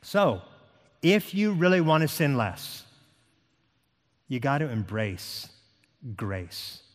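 Man, pastor, sermon, unhurried emphatic delivery, lively pitch, reverberant church hall. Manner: emphatic preaching, slow deliberate reading of scripture. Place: church sanctuary.

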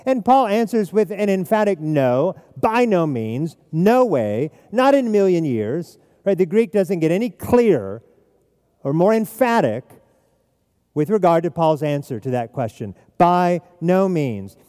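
A man's voice: high voice, sing-song, a little slow, warm tone. Emphatic male preacher in a reverberant hall. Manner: emphatic, repeats key phrases. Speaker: pastor. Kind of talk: expository sermon.

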